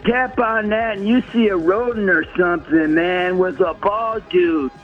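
A man voicing a slow-talking stoner caller who ends every sentence with man or dude. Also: high-pitched, soft background music. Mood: laid-back. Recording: muffled phone line.

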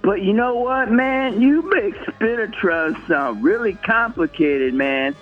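A man voicing a slow-talking stoner caller who ends every sentence with man or dude. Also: sits high, animated, soft background music. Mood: laid-back. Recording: muffled phone line.

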